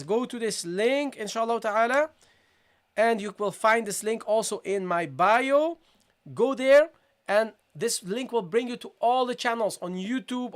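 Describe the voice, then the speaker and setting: Patient teacher repeating and checking in. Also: male voice, very high voice. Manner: repetitive, checking in with viewers, slow demonstration of sounds. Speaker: Quran recitation and Arabic teacher. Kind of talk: live-streamed tajweed lesson.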